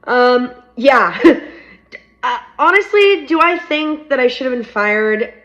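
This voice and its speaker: A woman's voice: high voice, animated, slow pace, a bit bright. A young woman telling a candid, casual story to camera about being fired and starting her own company. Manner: candid, frank, upbeat. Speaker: startup founder. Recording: slightly dull lo-fi audio.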